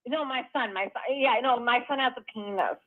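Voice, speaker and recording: Thirties woman caller from Brooklyn, high voice, rambling and excitable, tinny phone line. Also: fairly quick. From Brooklyn, New York. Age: 30s. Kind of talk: casual phone call.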